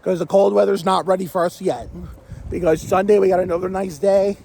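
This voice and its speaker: A man with a sore throat and a raspy edge talks to his vlog audience in a loose, rambling way, often restarting his sentences. His voice sits fairly high for a man. He is recording outdoors, with clear wind and traffic noise behind him. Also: steady tone, a little fast, warm tone, rough recording. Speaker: vlogger. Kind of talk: casual vlog talk.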